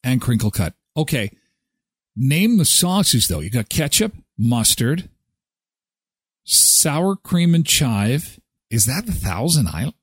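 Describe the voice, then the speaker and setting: A man's voice: mid-range voice, big pitch swings, takes it slowly, slightly rough, no echo, clean studio sound. A man hosting a live morning show, jokey and rambling as he chats and reads ads. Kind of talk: casual chat with ad reads.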